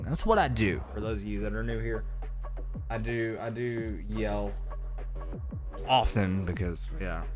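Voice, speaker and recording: A man with a sore throat and stuffy nose, chatting casually and rambling on a late-night live game stream. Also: on the low side. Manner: rambling, animated, self-interrupting. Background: game music.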